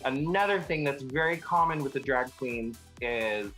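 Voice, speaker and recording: A man's voice: medium pitch, normal speed, few pauses, a bit bright, faint music behind, rough recording. Playful, sassy man. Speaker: drag performer. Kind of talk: documentary interview.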